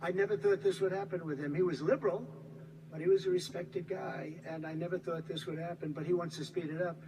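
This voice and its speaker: A man's voice: fairly high pitch, quick pace, noisy background. An American man in his seventies giving a rambling, repetitive, emphatic campaign rally speech from a podium. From United States. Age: 70s. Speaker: politician.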